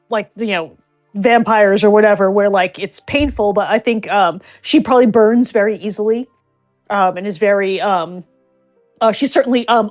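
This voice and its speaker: A woman playing in a tabletop game, speaking casually and hesitantly with frequent ums. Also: fairly high pitch. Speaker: player.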